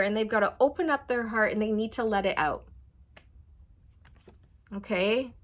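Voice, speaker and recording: A young adult woman giving a slow, soothing channeled tarot reading, speaking straight to her viewers. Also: a little high, a bit bright. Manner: slow, soothing, spiritual, addresses viewers as you guys. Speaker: tarot reader.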